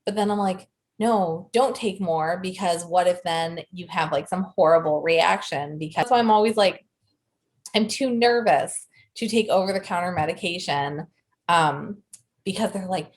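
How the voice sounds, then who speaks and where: A woman's voice: lowish voice, normal speed. A woman co-hosting a podcast in casual chat, rambling and restarting her sentences. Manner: rambling, chatty, with restarts and laughter. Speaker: podcast co-host.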